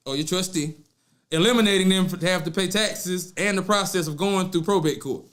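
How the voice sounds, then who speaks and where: A middle-aged man talks casually into his podcast mic, offering practical advice in loose, easygoing slang. His voice sits a little higher than most men's. He keeps it friendly and conversational, like he is talking to folks he knows. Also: fairly bright tone. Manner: loose, slangy and chatty, calls listeners "baby"; jokes with his producer. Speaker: podcast host.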